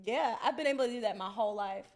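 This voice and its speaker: A woman's voice: fairly high pitch, fast. A young woman co-hosting a podcast in loose, giggly casual chat. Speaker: podcast co-host.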